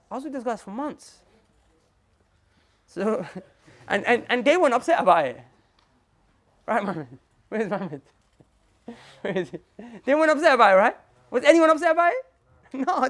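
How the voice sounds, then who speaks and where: A young man giving a lively talk to a group as a Muslim preacher, using slang, repeating himself and addressing his listeners directly. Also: high-pitched.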